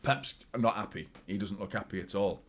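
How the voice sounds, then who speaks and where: His voice slightly rough and his pace moderate, a man hosting a football watchalong reacts to the game live and chats casually. Excited outbursts alternate with low muttered asides as he delivers match commentary and chat.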